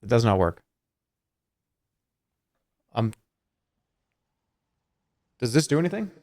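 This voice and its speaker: Expressive male streamer narrating a text game: animated delivery, dry close sound. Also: medium pitch, takes it slowly, dry recording. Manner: lively, playful and expressive. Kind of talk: reading game text aloud and commenting.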